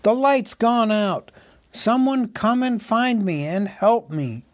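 A man's voice: medium pitch, a little slow, no echo, natural voice. A man voicing a small, timid male hobbit burglar who grows anxious and calls out for help. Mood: panicked cries. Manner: anxious, rising to cries for help.

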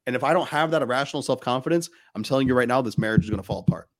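A man in his thirties hosts a casual podcast conversation. He talks bluntly and emphatically, drops frequent curses and pushes his points hard. His voice sits at an ordinary middle pitch for a man. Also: very fast. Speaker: podcast host.

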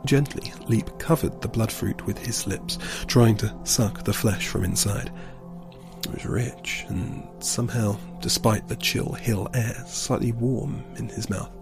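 A man reading a story aloud in a calm, steady storybook narration. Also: on the low side, measured pace, music in the background.

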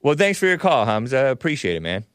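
Guy hosting a call-in show, blunt pushy questions, smooth clean voice, dead dry sound. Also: medium pitch, sing-song, fast, no room sound. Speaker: talk show host.

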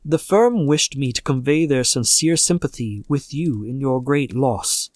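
A man puts on an uneasy company messenger in a classic horror story, stiff and formal. He drags each word out slowly in a dry, close sound. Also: mid-range voice, expressive, no echo, natural voice. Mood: somber. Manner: halting, slow, formal. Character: ill-at-ease male messenger bringing bad news.

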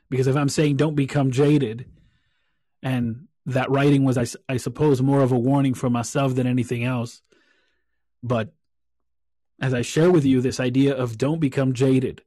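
A man's voice: medium pitch, dark tone, no room sound, clean studio sound. A man hosting a solo podcast, talking earnestly and reflectively, often repeating phrases as he thinks aloud. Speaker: podcast host.

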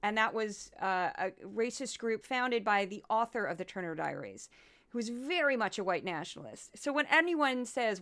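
A woman's voice: medium pitch, expressive, normal speed, a bit bright. A woman podcast host, giving chatty, sarcastic commentary into a close mic. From southern United States. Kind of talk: casual commentary.

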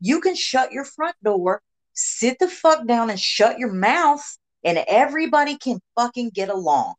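A woman with a slightly high voice speaks a little slowly while hosting a podcast, and the recording is low quality. She discusses politics casually and bluntly, swearing heavily and ranting with animation.

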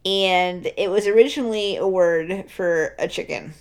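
A woman in casual chat, relaxed and giggly, sharing bits of trivia. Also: fairly low pitch, unhurried.

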